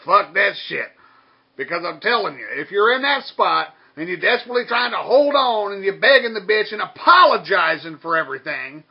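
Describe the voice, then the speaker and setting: Man, high-pitched, husky, crude heated rant, constant swearing, muffled lo-fi recording. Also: very animated, a little fast. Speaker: rant vlogger. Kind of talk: profane ranting monologue.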